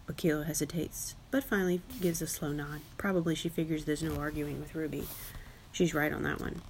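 A woman narrating a children's audiobook in a lively, wry first-person style, giving each character a voice. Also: low voice, a little fast, gravelly, slight background noise. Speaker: audiobook reader.

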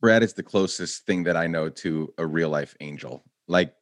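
A man's voice: low-pitched, moderate pace, no room sound. A man hosting an interview podcast, effusive and affectionate toward his guest. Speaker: podcast host.

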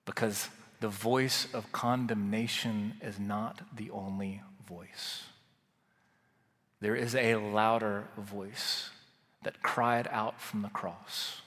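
A male pastor delivers a sermon at a very slow, deliberate pace. He builds to fervent swells and then drops to hushed, quiet phrases. His voice carries a long reverb, as if spoken in a large hall. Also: fairly low pitch, fairly even intonation.

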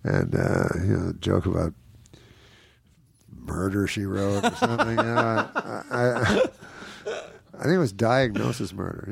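A man's voice: sits low, vocal fry, slightly rough, no room sound. A man, a guest comedian, telling a rambling anecdote, chuckling often and mimicking the people in it. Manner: meandering storyteller, chuckles often, mimics people in his stories.

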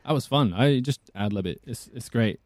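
A man voice actor chatting casually as a podcast guest, lively and quick to laugh. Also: medium pitch, no echo. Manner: chatty, laughing, restarts often.

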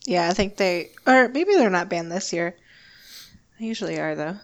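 A woman's voice: on the low side, lively intonation, normal speed. A woman in casual chat with friends, easygoing and laughing along.

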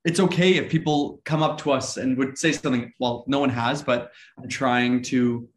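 A young man talks casually and openly, laughing often and slipping into brighter voices when he quotes people. His voice sits in the middle range. The sound carries a roomy echo. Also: medium pitch, fairly even intonation, moderate pace, slight background noise. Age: young adult. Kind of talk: casual chat.

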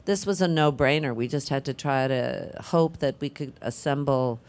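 Speaking with an extremely low pitch and a darkish tone, an older actress talks casually on a film panel. Her musing, halting delivery is peppered with fillers and repeated restarts.

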